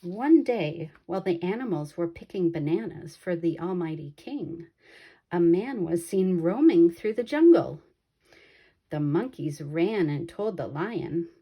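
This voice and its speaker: A woman reading a children's picture book aloud in a slow, expressive way. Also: fairly low pitch, husky, lo-fi sound. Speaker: storybook reader.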